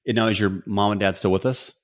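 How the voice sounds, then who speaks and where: A man's voice: fairly low pitch, fairly even intonation, fast. A man hosting a podcast interview, encouraging his guest and asking short questions. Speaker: podcast host. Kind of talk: casual interview.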